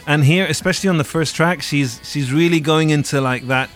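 A man's voice: fairly high pitch, fairly quick, fairly bright tone. A man co-hosting a podcast, chatting casually and opinionated about music, digressing and laughing easily. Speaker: podcast co-host reviewing an album. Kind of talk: casual chat.

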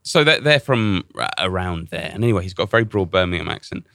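A man's voice: deep voice, expressive, quick pace, creaky, bright, forceful tone, no echo, studio quality. A man hosting a casual chat, telling a story animatedly with lots of restarts.

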